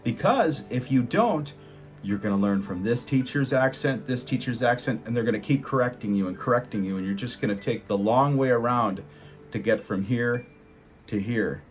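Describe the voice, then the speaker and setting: Animated male English tutor. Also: mid-range voice, moderate pace, soft background music. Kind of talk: casual teaching to camera.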